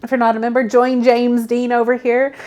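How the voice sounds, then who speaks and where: A woman's voice: fairly high pitch, level tone, brisk, a little mellow. A woman in her thirties co-hosting a crafting live stream, chatting casually and laughing often. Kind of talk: casual chat.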